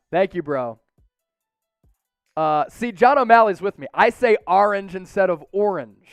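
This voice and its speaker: A man with a Philadelphia accent hosts a live sports stream in casual chat, his voice pitched fairly high and smooth, resonant. He gets excitable and loud when hyping donations. The sound is dry and close, with faint music underneath. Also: a little slow, pauses often, no room sound. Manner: excitable, hypes viewer donations with loud outbursts. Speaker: sports show host.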